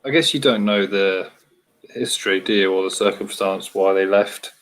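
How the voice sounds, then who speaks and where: A man's voice: fairly low pitch, normal speed, fairly bright tone, low-quality recording. A man from Britain chatting casually about exploring, explaining his views steadily. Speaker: urban explorer in a group chat. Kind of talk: casual chat.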